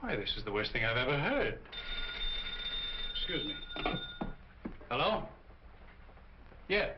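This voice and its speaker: A man's voice: medium pitch, sing-song, slow pace. An actor playing an anxious, polite businessman who speaks fussily and hesitantly. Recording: muffled 1940 film soundtrack with hiss.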